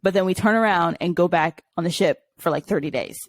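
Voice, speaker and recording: Laughing, animated young woman co-host. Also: on the low side, fairly quick, no room sound. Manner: laughs often, candid and animated storyteller. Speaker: podcast co-host. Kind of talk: casual chat.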